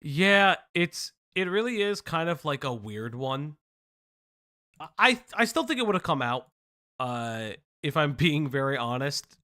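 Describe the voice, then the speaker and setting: A young man hosting a casual live stream, reading news aloud with animated, profane joking asides. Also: a little high, a little slow. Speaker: stream host.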